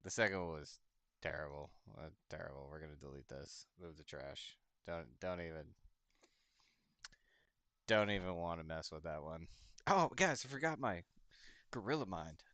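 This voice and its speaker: A man hosting a casual crypto livestream, chatting loosely, chuckling often and reading a product label aloud haltingly. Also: low-pitched, expressive, fairly bright tone, dry recording. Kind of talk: casual rambling livestream chat.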